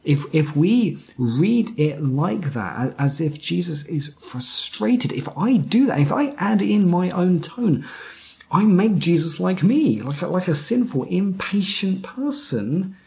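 A man preaching a sermon as pastor, speaking haltingly, often repeating words and dropping to a whisper for emphasis. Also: high-pitched, big pitch swings, vocal fry, a little mellow.

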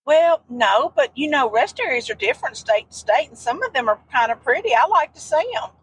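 Middle-aged woman, chatty podcast co-host, slightly high voice. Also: lively intonation, brisk, slight background noise, poor audio. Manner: chatty, homespun drawl. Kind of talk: casual travel chat. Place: outdoors at sand dunes.

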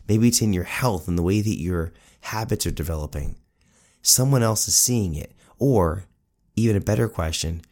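A man in his forties hosting a solo podcast, telling a story in an animated, self-mocking way. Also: on the low side. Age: 40s. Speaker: podcast host.

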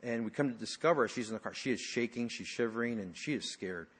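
A man's voice: medium pitch, fast talker, husky. Man preaching in a reverberant hall. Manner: conversational storytelling with frequent fillers, dropping to hushed tones. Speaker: pastor. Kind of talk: sermon. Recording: long reverb of a large hall.

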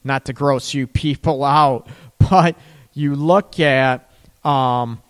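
A man's voice: mid-range voice, steady tone, slow, clear, resonant tone. A middle-aged man giving casual, rambling relationship and sex advice, now and then acting out worried voices.

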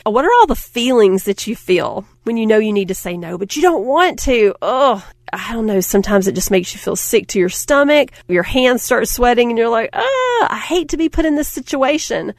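A middle-aged woman giving a motivational talk, telling stories in an animated way, acting out quotes and laughing often. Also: a little high, normal speed, few pauses, no echo, clean studio sound. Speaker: speaker.

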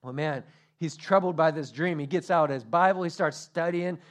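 A man preaching a sermon from the pulpit, his voice sitting a little higher than most men's. He tells his story with animated energy and acts out the quotes he gives. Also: normal speed. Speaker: pastor.

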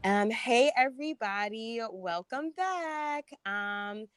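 A woman's voice: on the high side, lively intonation, slow pace, smooth, soft background music. A woman co-hosting a podcast, introducing a guest eagerly, with frequent "um". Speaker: podcast co-host.

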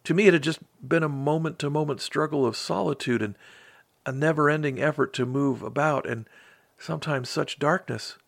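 A man's voice: on the high side, moderate pace, gravelly, no echo, voice pushed up. A man voicing a small, timid carpet beetle that stammers, tearful and full of wonder. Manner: stammering, breathless.

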